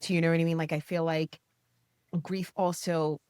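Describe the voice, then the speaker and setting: A woman, low in pitch, chatting as a podcast co-host. She tells stories in an animated, casual way and leans on "like" and "you know." The sound is close and dry. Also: normal speed, clear, resonant tone, dry recording. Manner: animated storytelling, many "you know" and "like" fillers. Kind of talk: casual conversational interview.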